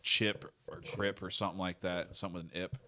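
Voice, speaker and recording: Animated man who laughs often. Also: deep voice, fast, noisy background. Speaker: podcast guest. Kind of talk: casual chat.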